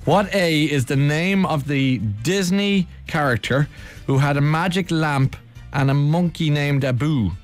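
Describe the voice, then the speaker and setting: A man's voice: fairly high pitch, measured pace, soft background music. A man hosting a radio phone-in, joking with a young caller and tripping over his words. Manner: teasing, jokey, stumbles over words. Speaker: radio host. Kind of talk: playful radio phone-in chat.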